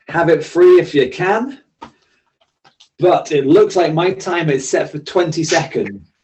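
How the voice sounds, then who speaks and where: A man's voice: a little high, darkish tone, low-quality recording. A man instructing a seated exercise class, giving friendly, encouraging, step-by-step cues. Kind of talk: leading a seated workout class.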